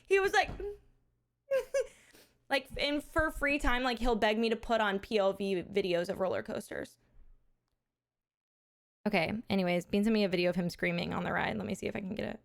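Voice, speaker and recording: A woman streamer hosting a charity fundraiser, telling a story in casual chat, animated, laughing often and swearing casually. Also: medium pitch, fairly quick, creaky.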